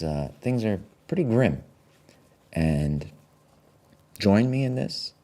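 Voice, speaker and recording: A man hosting a live stream, rambling in a self-deprecating, deadpan comic monologue and grumbling when the tech fails. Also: low voice. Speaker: show host.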